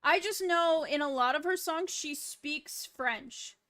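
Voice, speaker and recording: A woman's voice: sits high, slow, pushed and bright. A woman streamer chatting casually with her viewers, laid-back and swearing freely. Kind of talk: casual livestream chat.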